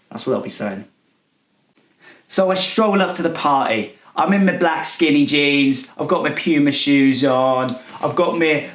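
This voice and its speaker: A man playing a clueless millennial partygoer who rambles and misuses slang in a deadpan comedy monologue. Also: medium pitch, echoey room, close to an everyday voice. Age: 20s. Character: clueless self-styled cool male millennial partygoer. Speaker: comedy character.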